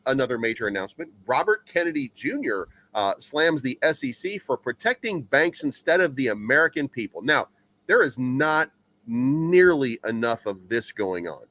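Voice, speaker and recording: A man's voice: medium pitch, a bit bright. A man hosting a crypto news channel, reading headlines aloud and rambling through them with stammering repeats and many fillers.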